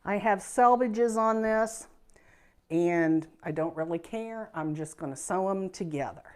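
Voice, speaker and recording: A woman's voice: mid-range voice, a little slow, a little mellow, smooth. A middle-aged woman with a Midwestern American accent, giving a casual, folksy quilting lesson in her sewing room. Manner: chatty, folksy, self-deprecating. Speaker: quilting instructor.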